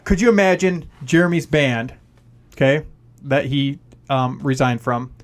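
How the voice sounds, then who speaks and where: A man's voice: mid-range voice, a little slow. A man co-hosting a podcast, telling rambling stories in casual chat and acting out what people said. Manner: rambling storyteller, many fillers, acts out quotes. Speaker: podcast co-host.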